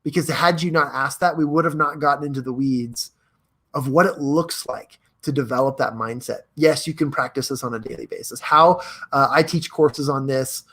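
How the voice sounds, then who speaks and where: A young man hosting a live stream, talking in an energetic, chatty way, reading viewer comments aloud and giving motivational advice. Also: mid-range voice, normal speed. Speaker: host.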